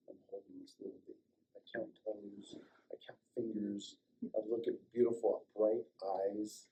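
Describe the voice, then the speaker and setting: An older man recounts a personal story in an animated way. He acts out the dialogue in raised voices and drops to a near-whisper at the tender moments. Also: on the low side, normal speed, poor audio. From Colorado, United States. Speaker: chiropractor and guest speaker. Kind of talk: storytelling talk to a small audience.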